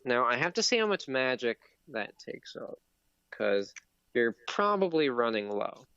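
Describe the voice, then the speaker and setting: A man narrating a tabletop game as game master, slow and halting with many fillers. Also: mid-range voice, sing-song, pushed and bright, clear, resonant tone, dry recording, muffled recording.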